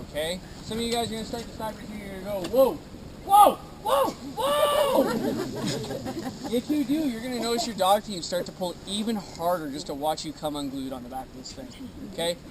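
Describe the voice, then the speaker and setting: A high-voiced man briefs a tour group outdoors at a dog kennel, upbeat and joking, tagging "okay?" onto nearly every line. The outdoor recording is noisy, with clear ambient sound behind him. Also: fast talker. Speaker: sled dog tour guide.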